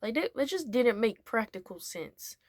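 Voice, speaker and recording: A young woman vlogger, voice on the high side and at normal speed, tells a casual story in a dry, studio-quality recording. She rambles with plenty of fillers and animatedly imitates what people said.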